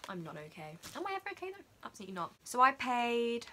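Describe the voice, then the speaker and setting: A teenage girl, chatting excitedly and dramatically about her makeup haul. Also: fairly high pitch. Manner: gushing, dramatic, fast-talking. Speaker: beauty vlogger.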